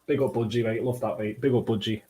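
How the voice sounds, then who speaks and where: A young man hosting a football watchalong livestream, bantering and swearing as he reads out chat comments, with bursts of excited play-by-play. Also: lowish voice, fast talker, breathy edge. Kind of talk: casual livestream chat and match reaction.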